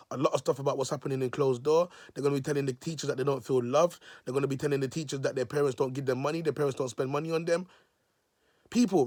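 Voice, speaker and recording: A man's voice: on the high side, no room sound, clean studio sound. A man, a self-styled prophet preaching in a vlog, repeating himself and calling his listeners "people". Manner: repetitive, emotional, restarts phrases.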